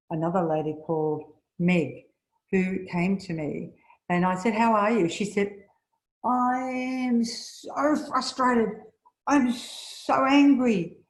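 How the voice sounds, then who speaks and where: A middle-aged woman leading a spiritual seminar, telling stories and acting out the people she quotes with rising pitch. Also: darkish tone. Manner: storytelling, acts out quoted voices with rising pitch. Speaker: seminar leader. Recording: echoey room.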